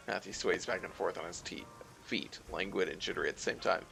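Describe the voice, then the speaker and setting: A man's voice: low-pitched, very animated, brisk, gravelly, few pauses, bright, forceful tone, soft background music. A man streaming a game, reading its text aloud with wry, offhand asides.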